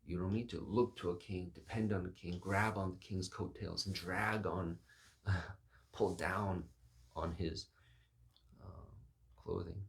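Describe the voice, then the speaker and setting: A man's voice: low-pitched, steady tone, slow, vocal fry. A man giving a reflective, sermon-style talk, musing aloud and acting out quoted voices.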